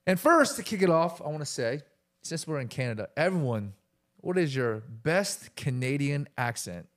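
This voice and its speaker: A man's voice: fairly high pitch, very animated, moderate pace. A man hosting a podcast, chatting casually and telling stories with laughter among friends. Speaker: host.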